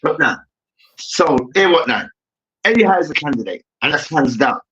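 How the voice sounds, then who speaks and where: A man's voice: fairly high pitch, lively intonation, moderate pace, fairly bright tone. A young man hosting a heated sports debate, ranting and swearing as he talks. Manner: ranting, profane, repeats "hear me now". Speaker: debate show host. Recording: dull lo-fi recording.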